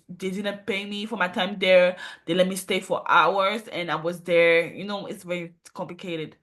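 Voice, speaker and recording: A woman's voice: fairly low pitch, fairly bright tone. A woman hosting casual commentary on a clip, speaking earnestly and checking in with rhetorical "right?" asides. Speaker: commentator host.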